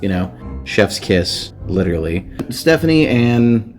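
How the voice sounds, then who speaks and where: Casting note: low-voiced male podcast host, casual crude recap, rambling, faint music behind. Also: very animated, measured pace. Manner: crude, rambling, swears freely. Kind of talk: casual comedic book recap.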